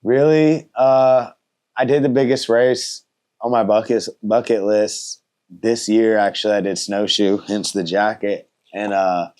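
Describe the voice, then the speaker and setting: Deep-voiced laid-back thirty-year-old man. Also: a little slow. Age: 30s. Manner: relaxed, polite, lots of fillers and trailing off. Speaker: motorcycle racer and content creator. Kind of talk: casual interview answers.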